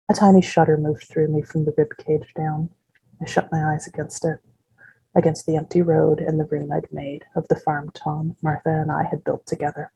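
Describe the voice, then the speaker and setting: Author reading her novel aloud; husky, dark, measured woman's voice. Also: low-pitched, little pitch movement, no room sound, low-quality recording. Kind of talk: first-person fiction reading.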